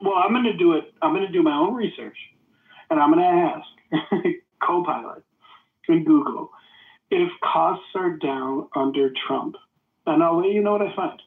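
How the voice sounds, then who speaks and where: A man's voice: a little high, normal speed. Sarcastic man, echoey phone-like sound. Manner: sarcastic, mocking. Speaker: participant in a live audio chat room. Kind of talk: heated casual debate. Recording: phone-like audio in an echoey room.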